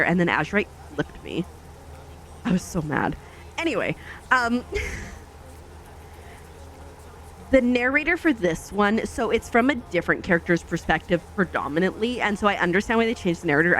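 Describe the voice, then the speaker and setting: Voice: mid-range voice, fairly bright tone, a little hiss or hum. A gaming channel host chatting casually while driving in a truck game, rambling with many fillers and self-corrections and acting out past thoughts in quoted asides.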